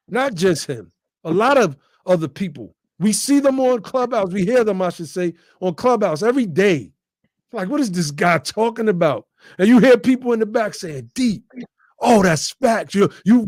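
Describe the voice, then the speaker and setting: A man's voice: sits high, dry recording, clean studio sound. A man hosting a livestream talk, speaking emphatically and in a preacherly way, often calling his listeners family. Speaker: podcast host.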